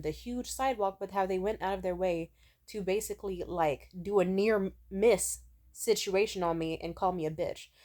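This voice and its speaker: A woman's voice: on the low side, a little mellow. A young woman vlogger telling stories to camera in a chatty, casual way, swearing freely and filling her talk with "like". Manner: chatty, swears freely, mimics people in quotes; many filler "like"s and restarts.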